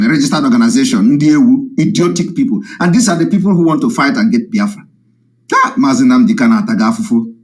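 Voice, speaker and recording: A man giving a heated, mocking live-stream monologue to his followers. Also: high voice. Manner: combative, mocking, repetitive. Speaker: activist addressing followers. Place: live broadcast from home.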